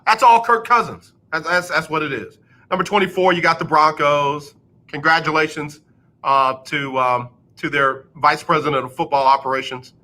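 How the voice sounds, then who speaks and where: Bright-voiced sarcastic male sports host. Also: fairly high pitch. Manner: sarcastic, repeats lines for comic effect. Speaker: radio show host. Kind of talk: casual sports talk. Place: radio studio.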